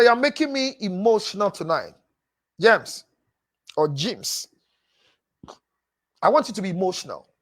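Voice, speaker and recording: A man working as a relationship counselor on a live show. He reads viewer messages aloud and answers them in an emphatic, preachy way, repeating phrases for stress and calling listeners "my dear.". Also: high-pitched.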